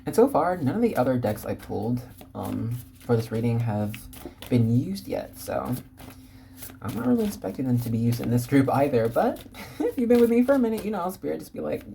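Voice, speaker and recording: Woman, tarot reader, very deep for a woman, warm mellow tone, bubbly, rambling. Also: vocal fry, a little hiss or hum. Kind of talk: casual tarot reading to viewers.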